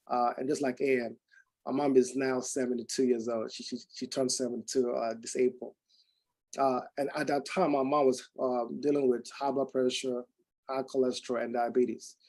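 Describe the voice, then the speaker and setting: Mellow-voiced man telling a story. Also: mid-range voice, normal speed, rough recording. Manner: animated, acts out quoted dialogue with many restarts. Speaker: speaker giving a testimonial. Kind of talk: personal storytelling to a group.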